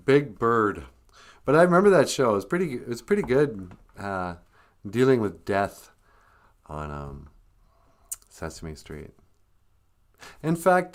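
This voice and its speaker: Jokey man telling rambling stories. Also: fairly low pitch. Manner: rambling, jokey, acts out voices. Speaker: livestream host. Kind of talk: casual comic storytelling.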